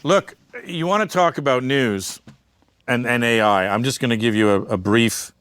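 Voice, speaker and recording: A man's voice: medium pitch, moderate pace, fairly bright tone, smooth, dry recording. Blunt, profane man in a dry room. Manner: blunt, profane and emphatic, with rambling asides. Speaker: media entrepreneur and interview guest. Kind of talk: candid conversational interview.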